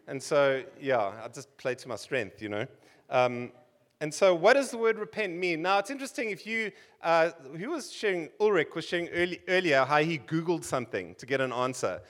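A high-pitched South African man in his forties delivering a sermon. He keeps it conversational, tossing in wry jokes and asides to the congregation. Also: animated, moderate pace, a bit bright. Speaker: preacher.

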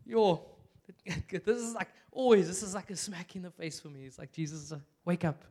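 A high-pitched young man with a South African accent preaches in a loose, joking way. He talks like a friend telling a story, full of "like" and quick asides. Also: slight background noise. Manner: chatty and animated, with many "like" fillers and bursts of laughter. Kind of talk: casual, humorous sermon. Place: church.

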